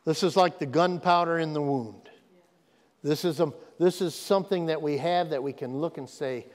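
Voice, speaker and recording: High-voiced preacher in a reverberant church. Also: male voice, normal speed, darkish tone. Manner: emphatic, repeats phrases, asks the congregation if they are listening. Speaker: pastor. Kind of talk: sermon. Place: church sanctuary.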